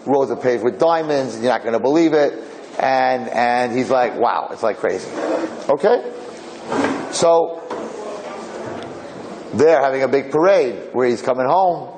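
A man's voice: mid-range voice, a little slow, long pauses, a little mellow, slight background noise, low-quality recording. A man telling a long folk parable in a casual, digressive way, jumping into different characters' voices. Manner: rambling, digressive, acts out characters. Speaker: storyteller.

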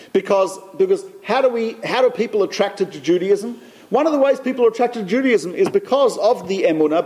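High-voiced man telling a story. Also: darkish tone. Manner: storytelling, repeats phrases for emphasis. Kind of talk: anecdotal talk to a congregation.

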